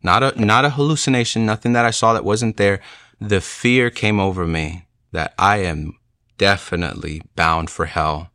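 A young man recounts his personal testimony in an earnest storytelling manner. His voice sits very low yet carries a bright, forceful edge. The sound is dry and close, with no room around it. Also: no echo. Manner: earnest storytelling, speeding up and slowing down.

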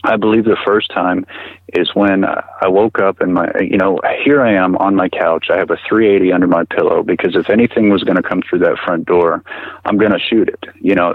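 A middle-aged man recounting a personal experience as an interview guest, halting and earnest, often repeating words as he talks. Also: deep voice, no echo, phone-quality sound. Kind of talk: personal account in conversation.

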